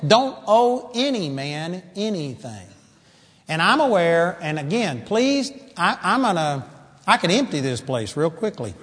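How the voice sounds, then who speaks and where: High-voiced animated male preacher. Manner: animated, swings from loud exclamation to quiet asides. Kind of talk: sermon. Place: church hall. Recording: long hall reverb.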